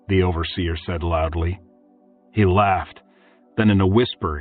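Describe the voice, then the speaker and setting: Man, fantasy audiobook narrator, steady measured reading, husky low voice, tinny distant sound, faint music.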